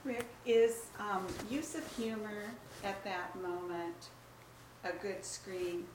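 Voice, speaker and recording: A woman's voice: medium pitch, slow, darkish tone, slight background noise. A woman asking a question, hesitant and thoughtful, with many fillers. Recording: echoey room, distant mic.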